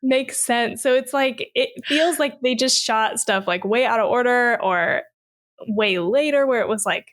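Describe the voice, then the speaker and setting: A woman's voice: on the high side, measured pace, a bit bright. A woman co-hosting a horror movie podcast in casual chat, ranting sarcastically with swearing and frequent laughs. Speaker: podcast co-host.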